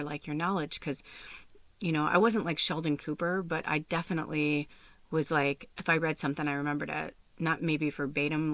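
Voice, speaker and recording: With a low voice and no echo, a podcast host from Chicago, who is also a spiritual medium, confesses her personal story in a loose, rambling way. She swears freely and leans heavily on fillers like "like" and "you know."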